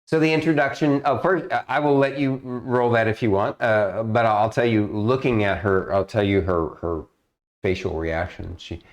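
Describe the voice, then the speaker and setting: A man with a fairly low voice narrates a tabletop game as dungeon master. He talks hesitantly, piling up fillers and restarting his sentences. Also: steady tone, normal speed.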